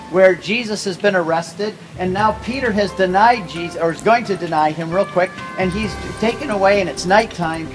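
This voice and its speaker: A man giving a casual Bible talk to a tour group, telling stories with quick asides and jokes. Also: high-pitched, rough recording. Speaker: pilgrimage tour teacher.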